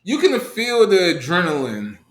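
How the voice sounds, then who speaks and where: A man co-hosting a podcast, telling a story in a casual chat: animated and profane, laughing mid-sentence. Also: sits high, a little slow, reverberant. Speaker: podcast co-host.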